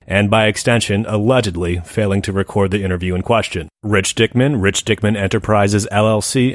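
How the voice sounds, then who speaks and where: A man's voice: fairly low pitch, no echo, clean studio sound, natural voice. A man playing a stiff pompous corporate spokesman. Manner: formal, stilted legalese. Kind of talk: scripted comedic announcement.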